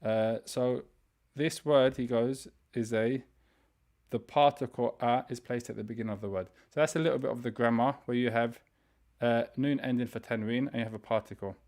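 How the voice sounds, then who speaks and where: A man teaching an online beginner's language class, explaining grammar step by step and reading vocabulary slowly for students to repeat. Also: mid-range voice, darkish tone. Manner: explains step by step, reads words slowly for repetition; frequent fillers and restarts, conversational. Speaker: Arabic teacher.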